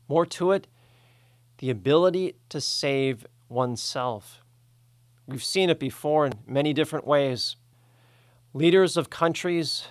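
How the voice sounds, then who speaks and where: A man preaching a sermon in a slow, measured, deliberate way. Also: fairly high pitch, no room sound, clean studio sound.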